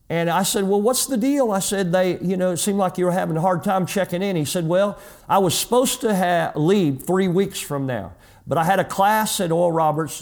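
A middle-aged pastor preaching a sermon and telling a personal story, acting out the dialogue in changing voices. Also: male voice, a little high, darkish tone.

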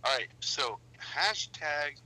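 Animated, bright-voiced man swearing freely. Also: on the high side, slow, poor audio. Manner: bossy, swears a lot, animated. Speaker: podcast co-host. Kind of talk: casual profane banter.

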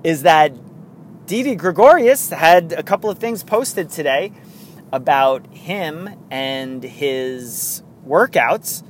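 A man's voice: a little high, lively intonation, takes it slowly, slight background noise. A man hosting his own sports podcast solo, talking casually and eagerly, rambling with frequent chuckles. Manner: enthusiastic, rambling, chuckles often. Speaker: podcast host.

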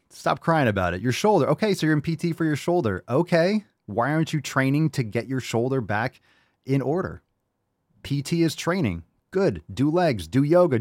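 A man's voice: mid-range voice, a little mellow, dry recording. Male host, casual fitness chat, blunt and profane, dry mic. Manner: blunt, profane, tough-love ranting. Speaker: podcast host.

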